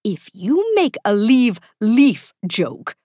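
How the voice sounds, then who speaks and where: A woman's voice: sing-song, slow, a little mellow, no room sound, clean studio sound. A woman voicing an anxious male spider plant assistant, panicky and urgent. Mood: panicked. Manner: panicky, urgent, high-pitched.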